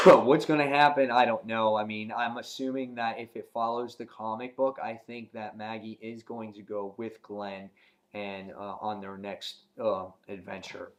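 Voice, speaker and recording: A man giving a casual spoken review of a TV episode, rambling with many ums and restarts, and getting animated when he retells scenes. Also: fairly low pitch, a little slow. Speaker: TV show reviewer.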